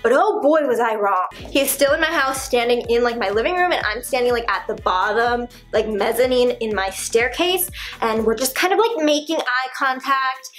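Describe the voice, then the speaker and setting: A young woman with a high voice tells a story animatedly for her vlog, filling it with "like." She speaks at home into an on-camera shotgun mic, with faint music behind her. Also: moderate pace. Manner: animated, heavy use of "like," dramatic retelling. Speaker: vlogger.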